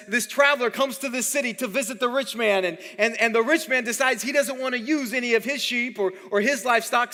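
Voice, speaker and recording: A man's voice: very high-pitched, sharp tone, big-room sound. A man preaching a sermon as pastor, conversational and often repeating words while he thinks. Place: church hall.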